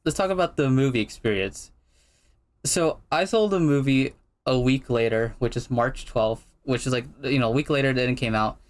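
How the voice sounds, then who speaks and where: Relaxed rambling male host. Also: mid-range voice, moderate pace. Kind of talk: casual chat.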